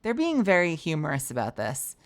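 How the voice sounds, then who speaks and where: A woman's voice: sits low, wildly swooping pitch, brisk. A woman streaming a video game, chatting casually with lots of "like" fillers and swearing, reading the game text aloud. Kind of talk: casual gameplay commentary.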